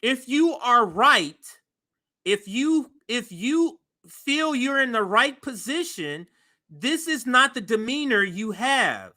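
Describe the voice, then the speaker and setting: Guy with a high bright voice ranting at a news clip, all disbelief and mockery. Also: takes it slowly. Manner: animated, incredulous, mocking. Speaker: commentary host. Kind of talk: reaction commentary on a news clip.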